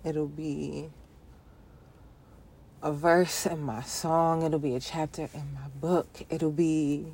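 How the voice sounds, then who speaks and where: A woman hosting her own solo podcast, talking to the listener in a relaxed, reflective way with playful asides and frequent laughter. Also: low voice, slow, pauses often, breathy edge. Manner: playful, laughs often, talks to listener directly; casual speech with repeated phrases. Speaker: podcast host.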